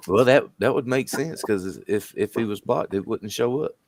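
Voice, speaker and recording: A man's voice: mid-range voice, creaky, dry recording. A man hosting a live stream, chatting casually and laughing often. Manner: laid-back, laughs often. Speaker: stream host. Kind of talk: casual chat.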